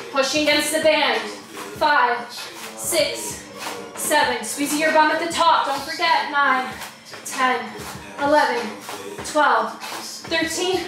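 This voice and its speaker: A young woman leading a follow-along workout, counting reps out of breath and swearing as she strains. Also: high voice. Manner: counting reps aloud, swearing and groaning with effort. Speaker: fitness vlogger. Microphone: camera at a distance. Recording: echoey room, camera far off, music behind.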